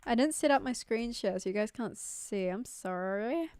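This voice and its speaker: A young woman chats with her livestream viewers in a loose, rambling way, leaning on "like" and tossing in casual swears. Her voice sits a little high and comes across smooth and clear. The sound is close and dry, with no room echo. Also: expressive, moderate pace, a little mellow. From New Zealand. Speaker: streamer. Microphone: studio mic.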